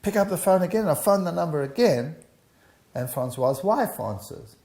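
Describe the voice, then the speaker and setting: Gravelly man telling a story. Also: on the high side, normal speed. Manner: animated storytelling, acts out dialogue. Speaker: interviewee. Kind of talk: recounting a personal testimony. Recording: roomy echo.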